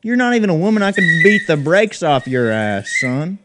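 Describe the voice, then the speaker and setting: A man's voice: high voice, very animated, moderate pace, very noisy. A man playing a crude, bigoted redneck who taunts and rants with constant profanity in a comedy sketch. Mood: taunting. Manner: profane, taunting, loud ranting. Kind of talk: comedy sketch role-play.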